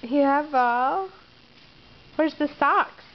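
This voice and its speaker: A woman's voice: high-pitched, very slow, lo-fi sound. A young mother at home, talking sing-song baby talk and coaxing her toddler, laughing often. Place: family home.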